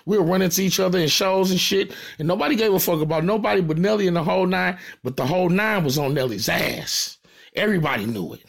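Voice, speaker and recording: A man from St. Louis with a St. Louis accent, talking straight to his audience in a profane, animated rant and repeating his points for emphasis. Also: sits high, quick pace, creaky, slightly rough. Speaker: rapper. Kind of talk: casual direct-to-camera rant.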